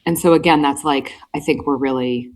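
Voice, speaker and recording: A woman's voice: extremely low pitch, a little fast. A woman hosting a book club podcast, casually summarizing chapters with lots of "um" and "like". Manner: summarizes chapters with filler "um" and "like", chatty. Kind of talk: casual book recap chat.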